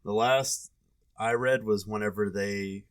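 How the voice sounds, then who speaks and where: Easygoing low-voiced podcast man. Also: fairly even intonation, measured pace, smooth, no room sound. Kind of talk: casual chat.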